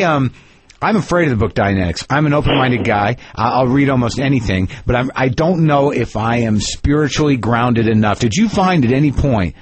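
A man hosts a radio interview and talks fast. His voice is husky, and he jokes and cuts in with questions. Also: mid-range voice. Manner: fast-talking, joking, interrupts. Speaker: radio host.

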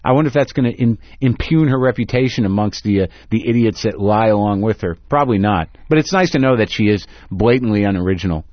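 Male radio host, mid-pitched, sarcastic rambler, dry lo-fi broadcast sound. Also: fast talker, few pauses, dry recording. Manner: rambling, sarcastic, restarts often. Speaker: radio talk show host. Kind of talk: casual radio banter.

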